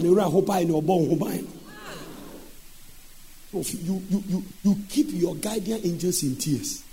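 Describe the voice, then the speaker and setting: A man preaching a sermon, moving between speech and sung shouting. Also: fairly high pitch, gravelly, slight background noise.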